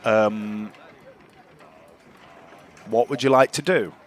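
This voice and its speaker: A man's voice: on the low side, very slow, slight background noise. Man running a tabletop game. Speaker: game master.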